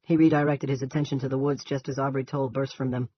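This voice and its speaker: A man reading a novel aloud in a steady, plain narration. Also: mid-range voice, quick pace, breathy edge. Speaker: audiobook reader. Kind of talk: audiobook narration. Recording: dull lo-fi.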